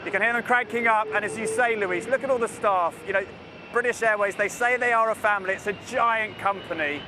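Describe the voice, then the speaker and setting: A man reporting live from an airfield, talking enthusiastically and with excitement. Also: high-pitched, a little fast. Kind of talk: live outdoor news report. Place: outdoors at a busy airfield. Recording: noisy outdoor live feed. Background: traffic noise.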